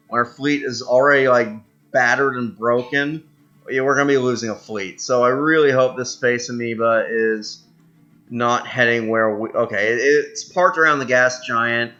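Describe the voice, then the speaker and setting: A man's voice: mid-range voice, moderate pace, bright, forceful tone, muffled recording. Chatty man playing a strategy game. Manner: chatty, laughs often, thinks aloud with fillers and restarts; reads in-game event text aloud. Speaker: gameplay commentator. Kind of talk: casual gameplay commentary.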